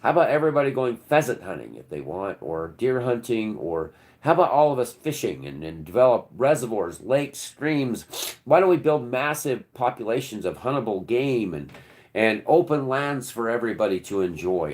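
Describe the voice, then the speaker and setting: A man delivering a rambling, preachy monologue in casual, sometimes profane speech, with sudden loud outbursts that drop back to low murmurs. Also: big pitch swings, normal speed. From United States. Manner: casual, swears. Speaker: channel host. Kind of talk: impassioned monologue.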